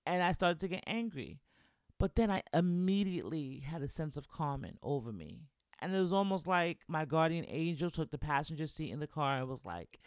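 Chatty man with a higher voice. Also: lively intonation, moderate pace, clean tone, no echo, clean studio sound. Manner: chatty and encouraging, constantly checking in with "right?" and "you know". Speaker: podcast host. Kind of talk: casual solo podcast chat.

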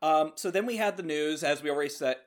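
Quick-quipping man steering a podcast. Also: a little high. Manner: quick quips, steering the rundown. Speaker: podcast co-host. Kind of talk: casual chat.

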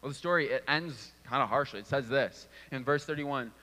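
A man's voice: medium pitch, brisk, pushed and bright, in a large hall. A man giving a conversational sermon and sometimes restarting his words. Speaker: preacher.

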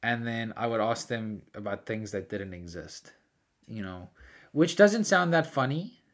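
A man telling prank-call stories in casual chat, animated and laughing often. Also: on the low side, measured pace. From South Africa.

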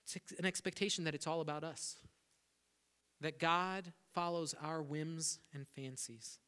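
Pastor, male, high bright voice, animated sermon delivery, reverberant church hall. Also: a little slow, smooth. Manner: animated preaching, acts out prayers to God.

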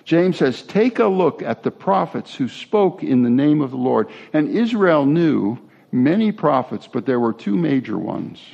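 A man's voice: fairly high pitch, very animated, unhurried, vocal fry, dark tone, muffled recording. A man giving a sermon as a pastor, talking in a conversational way with asides and restarts.

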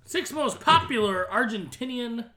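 A man's voice: extremely high pitch, expressive, measured pace, pushed and bright. A man co-hosting a podcast in casual, crude, joking banter with a friend. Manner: joking, crude, talks over others. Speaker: podcast co-host.

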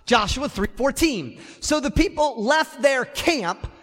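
A man's voice: extremely high pitch, lively intonation, slow, a bit bright, faint music behind. A man preaching a sermon as pastor in a church, emphatic and repeating key phrases. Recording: long reverb of a church hall.

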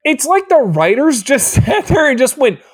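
A man co-hosting a podcast, mocking a movie in casual, animated chat. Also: very high-pitched, moderate pace. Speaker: podcast co-host.

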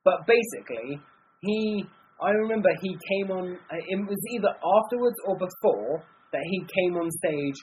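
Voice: medium pitch, normal speed, slight background noise, rough recording. A podcast co-host in casual chat, ranting about a bad film with acted-out quotes. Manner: animated, rambling film rant with acted-out quotes.

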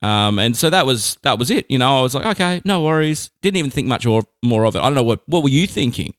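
A man's voice: mid-range voice, quick pace, no room sound, clean studio sound. A man, a radio presenter reminiscing in casual conversation, acting out quotes and laughing often. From Australia. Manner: animated storyteller, acts out quotes, laughs often.

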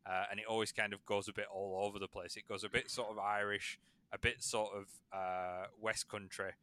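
A man hosting a podcast and acting as game master, in a relaxed and rambling casual chat with many fillers. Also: on the low side, fairly quick.

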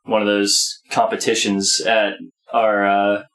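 A man's voice: lowish voice, monotone, takes it slowly, a bit bright, low-quality recording. A man co-hosting a podcast, chatting casually with dry remarks. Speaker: podcast co-host. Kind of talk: casual chat.

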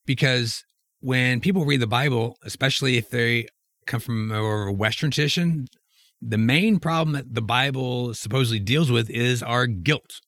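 A man with a middle-pitched voice steers a casual conversation, asking the others for their thoughts. The sound is dry and close. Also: normal speed, a bit bright, dry recording. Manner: conversational, asks the group questions. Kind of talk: casual discussion.

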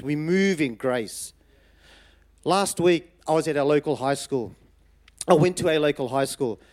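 A middle-aged man from Fiji with a slight Australian twang, telling a personal testimony in a sermon, lively and chatty, repeating phrases for emphasis. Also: fairly high pitch. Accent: Fijian Indian with Australian twang. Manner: lively storytelling, frequent "you know" asides, repeats phrases for emphasis. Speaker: preacher.

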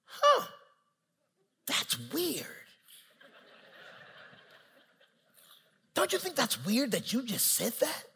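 A preacher voicing the Holy Spirit as a calm male spirit who gently asks leading questions. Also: extremely high pitch, slow, husky, pitched above the performer's own voice, heavily acted. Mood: bemused.

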